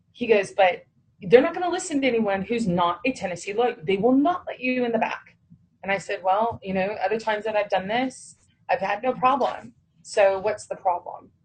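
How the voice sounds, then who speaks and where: Woman, low husky voice, animated storyteller who plays out both sides of a conversation. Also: poor audio. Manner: animated, quotes others in dialogue, swears when heated. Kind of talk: recounting a personal story.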